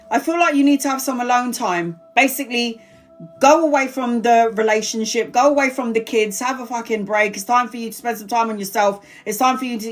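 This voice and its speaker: A woman giving a live-stream tarot reading, chatty and blunt, swearing freely and calling viewers honey and sweetheart. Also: on the high side. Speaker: tarot reader.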